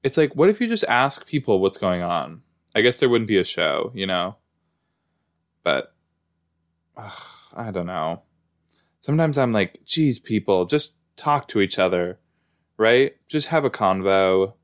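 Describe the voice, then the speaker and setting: A man gives casual watch-along reactions, exclaiming and firing questions at what he sees. His voice sits fairly low and he talks at a slow, unhurried pace. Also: sing-song. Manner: chatty, exclaiming and asking questions at the screen. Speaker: reaction video host.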